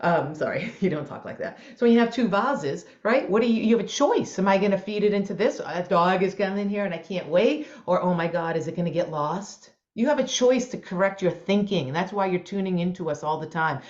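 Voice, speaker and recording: A woman's voice: medium pitch, a little fast, few pauses. A woman co-hosting a podcast as a mindset coach, telling stories in an enthusiastic, motivational way. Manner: enthusiastic, motivational, animated storytelling. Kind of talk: casual podcast chat. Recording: roomy, dull lo-fi sound.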